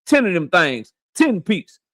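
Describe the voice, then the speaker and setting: A man hosting a boxing livestream who greets viewers by name in loud, slangy, profane banter. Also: sits high, very animated, unhurried, dry recording, studio quality. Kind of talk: casual livestream chat, shouting out viewers.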